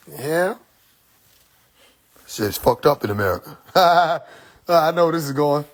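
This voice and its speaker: Young man, husky voice, lively up-and-down delivery, laughing, profane, casual storytelling. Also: medium pitch, a little slow, pauses often. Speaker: streamer.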